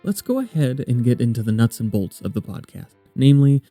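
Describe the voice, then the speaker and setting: Mellow-voiced male podcast host. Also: mid-range voice, fairly quick, faint music behind. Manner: relaxed, tasting and describing coffee. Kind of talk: casual chat and scripted intro.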